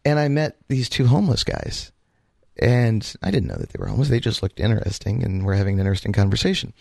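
Lively gravelly man telling a story. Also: lowish voice, quick pace, no room sound, studio quality. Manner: animated, acts out quoted voices. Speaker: radio show co-host. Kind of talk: casual storytelling chat.

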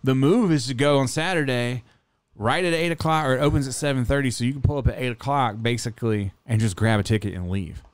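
A man telling a story in a casual chat, swearing freely and animated. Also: mid-range voice, fast talker, smooth, dry recording.

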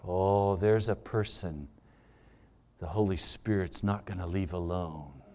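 A male pastor preaching a sermon, firing off rhetorical questions and swinging between loud emphasis and hushed, low lines. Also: slow pace.

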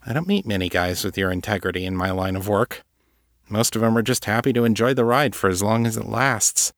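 A man reading a young woman who is part succubus, gently softening her guard. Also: lowish voice, brisk, no room sound, clean studio sound, natural voice. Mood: wry.

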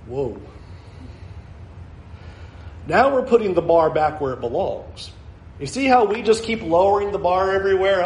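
A man's voice: high voice, lively intonation, moderate pace, roomy sound, poor audio. A male pastor preaching a sermon, earnest and building to emphatic challenges.

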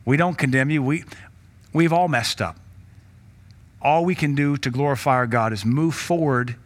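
A man's voice: mid-range voice, normal speed. A male pastor with a Southern American accent preaching a sermon, exhorting his listeners and raising his voice when he voices stern rebukes. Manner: exhorting, rises sharply when voicing quoted rebukes.

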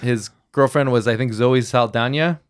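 Smooth-voiced man musing thoughtfully. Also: mid-range voice, moderate pace. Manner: thoughtful, searching for words. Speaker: podcast host. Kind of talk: casual chat.

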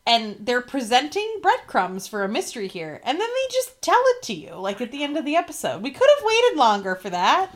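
A woman's voice: high-pitched, fairly quick, few pauses. A woman co-hosting a podcast, casually leading the talk with frequent fillers. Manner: relaxed, leads the rundown, frequent "like" and "um". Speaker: podcast co-host. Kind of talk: casual chat.

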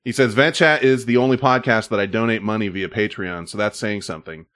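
A man's voice: fairly low pitch, brisk, a bit bright. A man hosting a casual podcast, joking with co-hosts and reading listener emails aloud. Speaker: podcast host.

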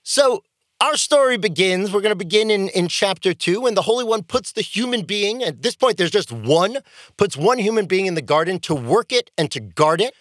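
A man who is a rabbi hosting a podcast, retelling a story in an enthusiastic, animated way. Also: high-pitched, moderate pace, no echo, studio quality.

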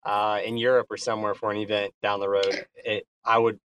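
Man with a chatty, halting manner. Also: fairly low pitch, level tone, crowd noise. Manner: hesitant, repeats words, effusive. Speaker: guest on a community call. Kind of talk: casual chat.

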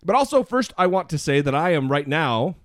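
A man hosting a podcast, teasing and joking through relaxed chat with a lively, swinging delivery and a slightly high voice. The sound is close and dry, with no room around it. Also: brisk, no echo. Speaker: podcast co-host. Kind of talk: casual chat.

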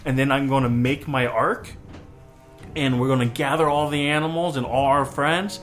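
An earnest, nature-loving male druid, played by a man, rambling in grand speeches at a medium pitch. Faint music runs behind him. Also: fairly even intonation, moderate pace, close to an everyday voice. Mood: grandiose.

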